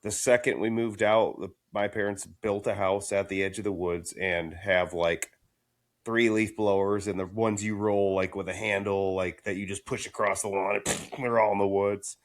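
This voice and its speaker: A man's voice: fairly low pitch, fairly even intonation, moderate pace. A young man in a casual podcast chat, laid-back and slangy. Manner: laid-back, slangy, says "dude" and "bro".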